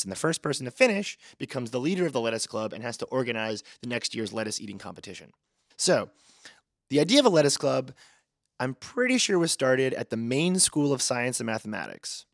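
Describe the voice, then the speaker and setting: A man's voice: mid-range voice, no echo, studio quality. Self-deprecating man talking from a closet. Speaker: podcast host. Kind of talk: casual podcast intro. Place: small closet in an office. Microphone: borrowed makeshift audio gear.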